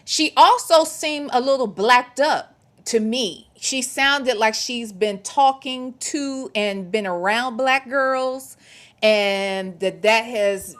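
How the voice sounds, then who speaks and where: A woman's voice: a little high, slow pace, a bit bright. A woman hosting a casual livestream commentary, sassy and emphatic, with slangy talk and playful repetition. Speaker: show host.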